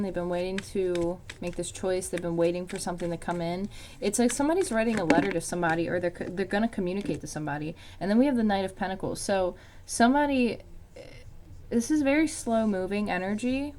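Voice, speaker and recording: A woman's voice: mid-range voice, quick pace, a little mellow, slight background noise. A woman giving a casual tarot reading, rambling with lots of "um" and "like". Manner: rambling, many fillers like "um" and "like". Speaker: tarot reader.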